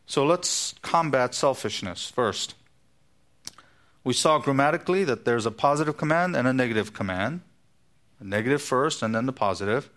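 A man's voice: medium pitch, a bit bright. A man preaching an expository sermon in a church, explaining Greek grammar with an emphatic, teacherly manner. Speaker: pastor.

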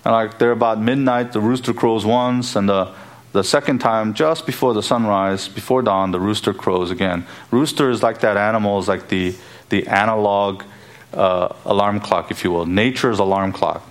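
Male preacher, low voice, emphatic sermon delivery, repeats key phrases. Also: fairly even intonation, normal speed.

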